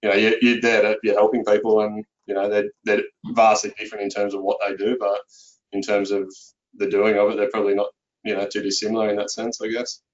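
An accountant speaking as a guest in a relaxed interview, filling his speech with "you know". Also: lowish voice, quick pace, highs cut off. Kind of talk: conversational interview.

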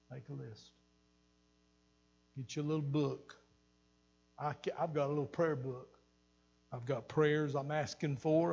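Older man, earnest repeating sermon, husky, echoey church hall. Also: fairly high pitch, warm tone, muffled recording. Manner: earnest, repeats phrases for emphasis. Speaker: pastor. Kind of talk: sermon teaching. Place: church sanctuary.

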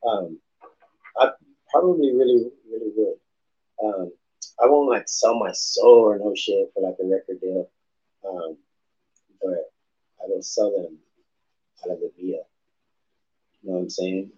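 A man's voice: low voice, unhurried, pauses often, mellow, husky. A male host chats loosely through a morning podcast, drifting between topics with slang and swearing. He is recorded in a room at home, and the sound is dull and lo-fi. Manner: rambling and laid-back, peppered with slang and swearing. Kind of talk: casual morning show chat.

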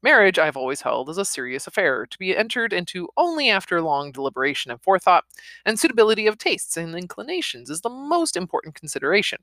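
A woman's voice: fairly low pitch, big pitch swings, fast talker, a bit bright, no room sound. A woman reading a novel aloud and stopping for chatty, laughing comments. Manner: chatty, laughs between passages. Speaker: reader.

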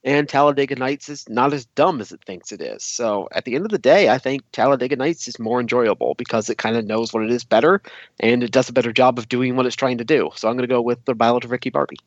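A man chats on a podcast through a video call, deadpan and measured with dry jokes. His mid-pitched voice comes through a dull, lo-fi line without any room sound. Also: dry recording. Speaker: podcast co-host. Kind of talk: casual podcast chat.

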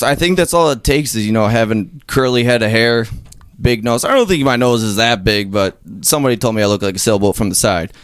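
A man's voice: medium pitch, fairly bright tone, clean tone, no echo, clean studio sound. A man doing a rambling, profane mock stand-up set for friends, laughing at his own jokes. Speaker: amateur stand-up comic. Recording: background noise.

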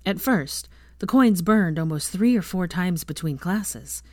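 A woman reading fan fiction aloud with an expressive reading voice. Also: lowish voice, unhurried, no room sound, studio quality.

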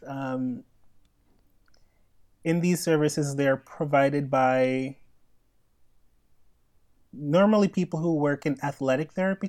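A man's voice: fairly high pitch, darkish tone. A man co-hosting a podcast from Canada, chatting casually and animatedly, often laughing and acting out quoted voices. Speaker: podcast co-host. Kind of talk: casual chat.

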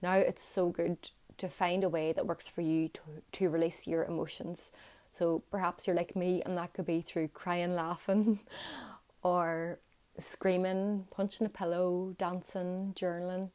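A woman's voice: on the low side, little pitch movement, a little slow, darkish tone. A young woman talking straight to her viewers in a reflective, motivational way, earnest and encouraging, with lots of "like" fillers. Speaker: vlogger. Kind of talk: reflective motivational talk to camera.

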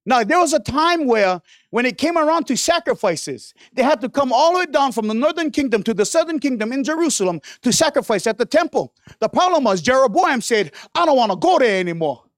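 Guest preacher, male, high voice, playful, slightly worn voice, dry close sound. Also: expressive, fairly quick, few pauses, dry recording. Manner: playful, joking asides and frequent hallelujahs. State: losing his voice. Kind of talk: sermon. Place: church.

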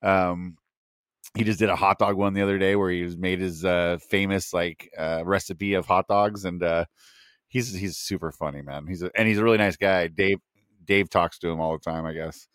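A man's voice: low voice, fairly even intonation, normal speed, fairly bright tone, clear, resonant tone, no echo, studio quality. A man co-hosting a podcast in casual chat, laid-back and agreeable. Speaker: podcast co-host.

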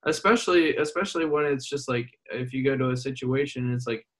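A man's voice: medium pitch, fast, fairly bright tone. A man interviewing a guest in a casual, rambling way, full of fillers. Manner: casual, filler-heavy questions.

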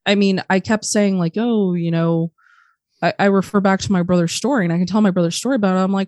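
A woman guest on a podcast, telling her story candidly in casual chat, swearing freely and speaking quickly. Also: medium pitch, steady tone, darkish tone, no room sound, studio quality.

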